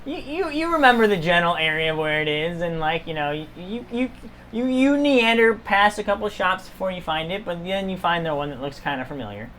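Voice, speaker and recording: Woman game master, low and lively voice, hesitant narration, faint hiss. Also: a little fast. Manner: hesitant, many fillers and restarts. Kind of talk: live-streamed tabletop game narration.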